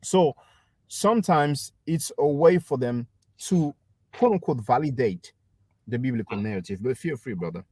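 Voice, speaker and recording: A man hosting a livestream, calmly explaining history and addressing his listeners as brothers and sisters. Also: mid-range voice, moderate pace, dry recording, clean studio sound. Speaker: livestream host. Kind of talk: casual history discussion.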